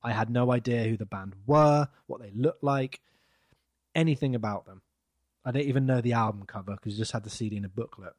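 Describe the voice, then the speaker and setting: A man, chatting casually as a podcast co-host, rambling and trailing off softly. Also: medium pitch, brisk, no echo. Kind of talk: casual chat.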